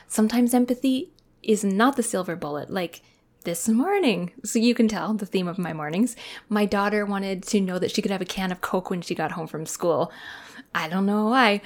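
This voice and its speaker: A woman in her thirties hosting a casual podcast monologue, earnest and reflective, often dropping into a soft whisper. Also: medium pitch. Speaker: podcast host.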